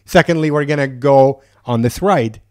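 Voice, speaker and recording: A man telling a travel story on a podcast in a casual, animated way, swearing freely and acting out what people said. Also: medium pitch, normal speed, smooth. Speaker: podcast guest.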